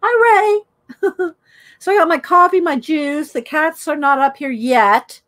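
Middle-aged woman host, high voice, unhurried, chatty live-stream greeter. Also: fairly bright tone. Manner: chatty, greets viewers by name. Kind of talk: casual live-stream chat while coloring.

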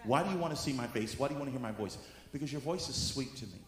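A male apostle preaching a sermon, moving from soft teaching into shouted exhortation. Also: medium pitch, expressive, racing. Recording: echoey hall with faint room noise.

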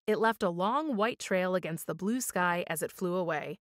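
A woman reading a children's story aloud for storytime, with expressive, measured storytelling. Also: fairly low pitch, dry recording, studio quality. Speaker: storytime reader.

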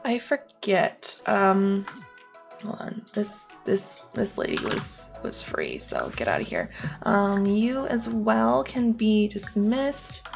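A woman's voice: mid-range voice, very animated, slow, vocal fry, faint music behind. A young woman giving rambling, casual commentary on her own gameplay, full of ums and likes. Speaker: gaming YouTuber.

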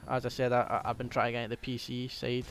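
A young Scottish man chats through his gameplay in a hesitant, meandering way, filling gaps with ums and restarts. His voice sits at an ordinary pitch but barely rises or falls. A faint hiss runs under his voice. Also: monotone, quick pace. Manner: rambling and hesitant, many ums. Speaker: gaming commentator. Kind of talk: casual gameplay commentary.

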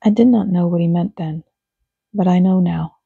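A reader giving a slow, hushed, solemn dramatic reading of a first-person monologue. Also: mid-range voice, vocal fry, slightly rough, dry recording, phone-quality sound. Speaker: audiobook reader.

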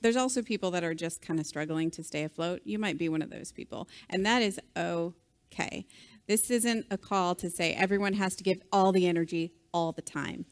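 A woman's voice: on the low side, normal speed. A woman co-presenting a conference keynote, upbeat and encouraging, bantering with her partner. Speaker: keynote co-speaker. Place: conference stage.

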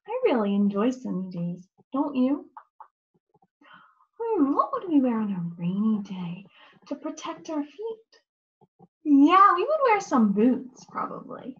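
High, slow-talking North American teacher. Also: female voice, very animated, a bit bright, highs cut off. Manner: encouraging, drawn-out words with lots of praise. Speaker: ESL teacher. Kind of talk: slow, animated teaching for young learners.

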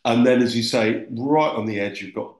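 A man's voice: medium pitch, moderate pace, darkish tone. A man hosting a podcast interview, chatting casually with wry asides. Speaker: podcast host. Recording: roomy echo.

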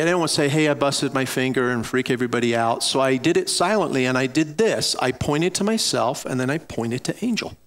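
Middle-aged guy preaching, earnest storytelling, talks right to the congregation, mid pitch. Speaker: pastor. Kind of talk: sermon.

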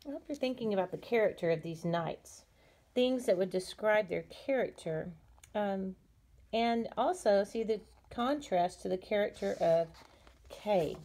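Woman, storybook reader for a class, warm mellow tone, gentle unhurried delivery. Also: mid-range voice, expressive. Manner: gentle, unhurried reading with small slips. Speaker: teacher reading aloud. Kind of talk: storybook read-aloud.

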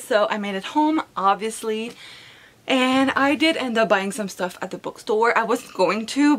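A woman's voice: a little high, fairly bright tone, a little hiss or hum. Chatty young woman. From Quebec, Canada. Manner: chatty, peppered with "like" and restarts. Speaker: book vlogger. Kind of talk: casual vlog chat.

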